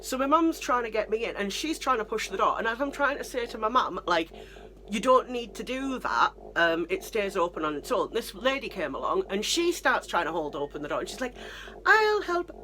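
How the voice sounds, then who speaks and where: A woman's voice: medium pitch, animated, a little fast, hardly any pauses, bright, forceful tone, slight background noise. A woman with a British accent, chatting and telling stories to camera in a rambling, self-deprecating way. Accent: British English. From Britain. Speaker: vlogger. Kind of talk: casual storytelling to camera.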